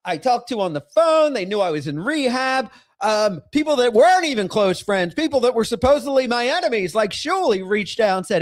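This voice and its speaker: A man's voice: high voice, big pitch swings, fairly quick, hardly any pauses, dry recording, clean studio sound. A middle-aged man hosting a livestream, ranting with profanity and bursts of laughter while reacting to a clip and reading chat. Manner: heated, profane, laughing outbursts. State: in outpatient rehab.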